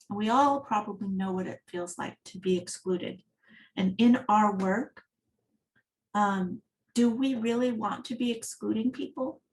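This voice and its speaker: A woman giving an accessibility talk at a design meetup, speaking in a conversational, storytelling manner. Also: mid-range voice. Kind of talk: conference talk.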